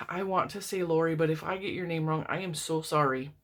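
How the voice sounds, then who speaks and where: A middle-aged woman talks through her fan mail at home in an easygoing, rambling way. Her voice sits a little low, yet it leaps up whenever something delights her, and she laughs often between her sentences. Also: moderate pace. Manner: chatty and rambling, laughs often, pitch leaps up when excited. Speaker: crochet vlogger opening mail from viewers. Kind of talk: casual chat. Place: home, indoors, TV on in the room.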